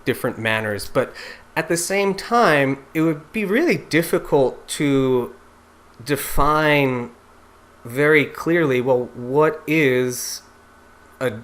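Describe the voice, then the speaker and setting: A man's voice: medium pitch, fairly bright tone. Man, singing teacher, informal lecture, conversational, explains step by step, mid-range voice.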